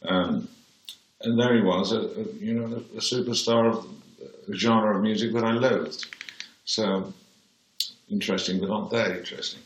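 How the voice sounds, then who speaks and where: A very low-pitched Englishman in his seventies speaks with a plummy accent. He tells anecdotes in a dry, blunt way, and his voice rings in an echoey room. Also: fairly even intonation, moderate pace. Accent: posh English, Birmingham-born. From England. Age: 70s. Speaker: interview guest. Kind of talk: anecdotal interview.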